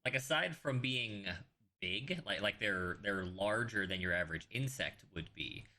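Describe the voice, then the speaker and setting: A man's voice: lowish voice, expressive, unhurried, a crowd in the background. A man acting as game master, explaining rules and narrating scenes in a loose, conversational way.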